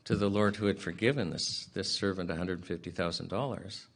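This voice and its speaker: This low-pitched, slightly bright man talks briskly as he recounts a parable at a public inquiry. Earnest and plain-spoken, he throws in casual asides and keeps clearing his throat between phrases.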